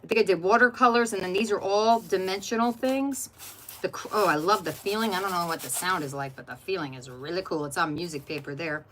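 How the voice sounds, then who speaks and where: A woman's voice: on the low side, fairly quick, fairly bright tone, a little hiss or hum. A middle-aged woman hosting an art journaling channel, chatting casually while flipping through her journal and greeting viewers by name.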